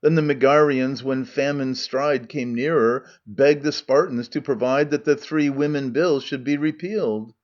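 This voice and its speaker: A man reads as a wily, defiant Athenian farmer declaiming rhymed verse in an even, middle-pitched voice. The recording is slightly muffled and lo-fi. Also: normal speed, few pauses, lightly acted. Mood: arguing. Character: wily defiant male Athenian farmer arguing his case.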